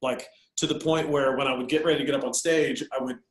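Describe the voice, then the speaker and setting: A man tells a personal story to a host in a relaxed, animated way. His voice sits mid-pitched and he leans on easy fillers. The room around him rings a little. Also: fast talker, reverberant, low-quality recording. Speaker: guest speaker. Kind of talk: casual storytelling.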